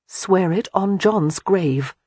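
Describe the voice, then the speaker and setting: A woman's voice: lowish voice, takes it slowly, darkish tone, breathy edge, no echo. A woman voicing a wary, protective young widow in an audiobook, speaking grimly and guardedly. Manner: guarded and grim.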